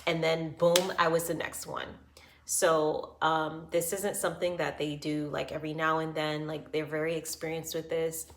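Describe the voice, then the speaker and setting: Low-voiced woman telling her birth story. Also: flat delivery, moderate pace, creaky, slight background noise. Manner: earnest and reassuring, with frequent fillers. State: emotional, close to tears. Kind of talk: personal storytelling to camera.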